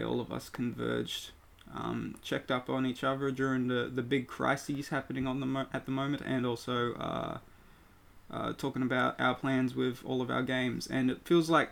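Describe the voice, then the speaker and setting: A man's voice: medium pitch, vocal fry, a bit bright. A young man co-hosting a podcast, joking and bantering playfully. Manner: jokey, playful banter with bits and asides. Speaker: podcast co-host. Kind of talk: casual podcast chat.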